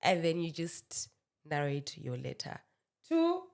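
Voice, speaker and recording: A woman's voice: low voice, huge pitch swings, slow pace, gravelly, darkish tone. A woman hosting a podcast interview, attentive and affirming. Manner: attentive, affirming, frequent murmurs of agreement. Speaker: podcast host.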